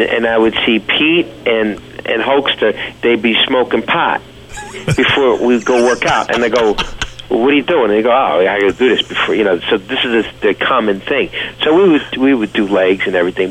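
A man's voice: mid-range voice, normal speed, a bit bright, rough recording. A man with a New York accent, a guest telling stories in a casual interview. He rambles with fillers and restarts.

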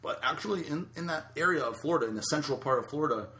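A man in casual chat, chiming in with quick questions and comments. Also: fairly high pitch, animated, sharp tone.

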